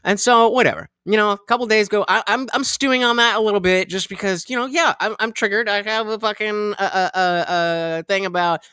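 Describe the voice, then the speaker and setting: A man hosting a live stream, telling a heated story in a profane, animated way, acting out both sides of an argument with many restarts. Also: sits high, a little fast, hardly any pauses, clear, resonant tone, no room sound, studio quality. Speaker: streamer host. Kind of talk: casual storytelling rant.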